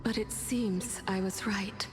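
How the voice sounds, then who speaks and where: A woman voicing a calm, weary dead female scholar from a distant land, in formal, measured video game dialogue. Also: medium pitch, a little hiss or hum, close to an everyday voice. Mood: resigned. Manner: measured, formal, quietly resigned.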